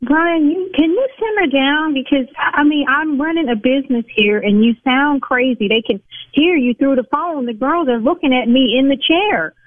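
A woman's voice: sits high, normal speed, dry recording. A woman who owns a salon, indignant and cursing as she argues with a caller over the phone. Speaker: salon owner. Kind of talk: heated phone call. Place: busy lash salon. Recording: tinny phone line.

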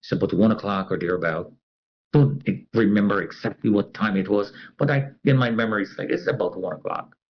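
A man's voice: on the low side, fairly quick, dull audio. A man telling a personal story as an interviewee. He talks animatedly and acts out the other people's voices.

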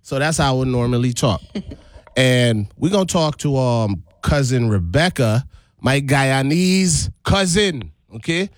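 A man's voice: mid-range voice, expressive, measured pace, no room sound, studio quality. A male radio host in casual chat who keeps slipping into a put-on West Indian accent and laughs often.

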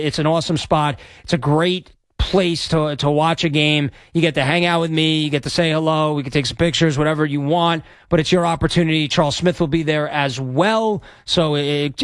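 A man's voice: on the high side, dry recording, studio quality. A man hosting sports talk radio, brash and rambling as he plugs an event and takes calls. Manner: brash, rambling, self-promoting. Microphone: studio microphone.

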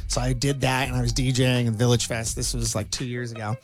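Middle-aged male host, casual storyteller, animated, mid-pitched voice, faint music behind. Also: quick pace. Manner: animated storyteller, acts out quotes loudly. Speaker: DJ and show host. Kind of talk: casual chat.

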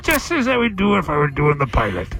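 A man's voice: on the high side, huge pitch swings, quick pace, vocal fry, fairly bright tone, soft background music. Dry-humored radio co-host man. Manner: dry, mock-exasperated teasing. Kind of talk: joking radio banter.

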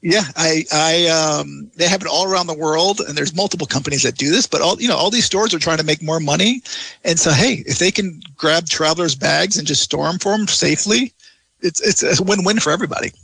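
Guy with a high gravelly voice, rambling excited travel chat, dry close sound. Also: fairly quick, no room sound. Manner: rambling, enthusiastic, frequent restarts. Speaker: travel blogger guest. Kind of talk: casual interview chat.

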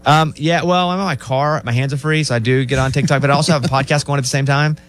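A man's voice: fairly high pitch, fast talker. A man co-hosting a podcast, telling stories in casual chat. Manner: storytelling, animated retelling. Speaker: podcast co-host.

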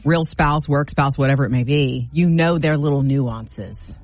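A woman's voice: extremely low pitch, unhurried, no room sound, faint music behind. A middle-aged woman co-hosting a morning radio show, telling stories with lots of laughter in casual banter. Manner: animated storytelling, laughs often.

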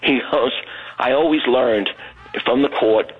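A man's voice: medium pitch, unhurried, slightly rough. An older man from Brooklyn, calling into a radio show and telling a story with chuckles. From Brooklyn, New York. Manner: rambling, chuckling anecdotes. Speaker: caller. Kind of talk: phone-in storytelling. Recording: phone line.

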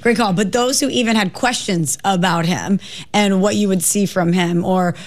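A woman co-hosting a sports talk radio show, bantering with lively emphasis. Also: mid-range voice, normal speed.

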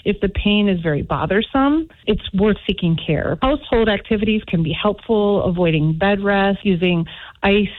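A woman physician calmly explaining back and neck pain in an interview. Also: mid-range voice, moderate pace. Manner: calm, explanatory. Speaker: physician guest. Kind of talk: medical interview answers. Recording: tinny phone line.

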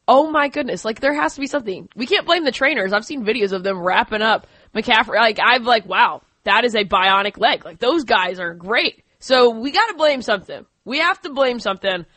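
A woman's voice: on the high side, animated, fairly quick, few pauses, bright, forceful tone, no room sound. A woman co-hosting a sports radio show, chatting in an emphatic, exclaiming way. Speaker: radio co-host. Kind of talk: casual sports talk.

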